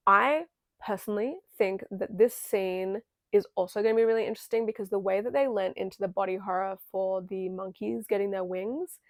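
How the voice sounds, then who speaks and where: A young woman with strong vocal fry offers a chatty, loose film analysis for a video essay, full of fillers and offhand swearing. Her medium-pitched voice is recorded dry and close, with no room sound or echo.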